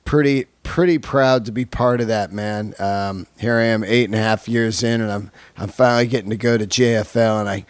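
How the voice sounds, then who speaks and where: A man's voice: fairly low pitch, steady tone, fairly quick, few pauses, clean tone, no echo. Profane laughing man hosting a podcast. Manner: loose, profane, laughs often, calls listeners man. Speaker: podcast host. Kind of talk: casual monologue and interview.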